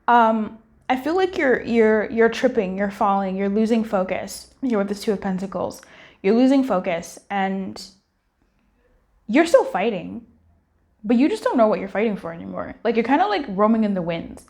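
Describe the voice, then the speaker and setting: A woman's voice: mid-range voice, animated, moderate pace, a little mellow. A young woman giving a casual tarot reading, candid and chatty, swearing and laughing as she talks straight to her viewers. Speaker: tarot reader.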